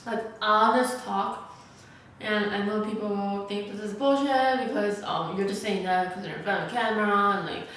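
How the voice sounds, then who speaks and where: Eating on camera, a young mukbang vlogger rambles through a casual story, leaning on "like" and "you know" fillers. Her fairly bright, medium-pitched voice moves at normal speed but sounds distant and off-mic, echoing around a large, barely furnished new apartment room with faint hiss.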